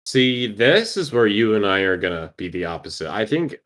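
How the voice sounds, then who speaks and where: A man's voice: on the low side, sing-song, moderate pace, a bit bright. A young man co-hosting a podcast, bantering casually and laughing easily, lots of fillers. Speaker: podcast co-host.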